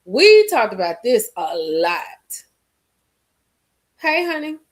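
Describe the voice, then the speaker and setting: A woman with a fairly high voice hosts a casual live-stream chat. She talks straight to her viewers in an animated way and hammers her points home by repeating them. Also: takes it slowly. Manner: emphatic, repeats lines for effect.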